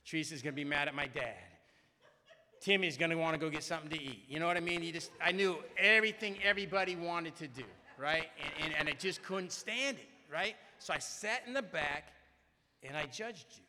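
A man's voice: a little high, brisk, bright, forceful tone. A middle-aged man speaking at a large recovery meeting, telling a rambling, self-mocking personal story and often tagging on "right?". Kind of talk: humorous personal storytelling to a crowd. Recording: reverberant hall.

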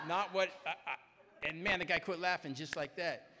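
Bright-voiced man telling his story in a hall. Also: a little high, brisk, a little hiss or hum. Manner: rambling and self-mocking, keeps asking "right?". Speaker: speaker at a recovery meeting. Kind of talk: humorous personal storytelling to a crowd. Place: large meeting hall. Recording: reverberant hall.

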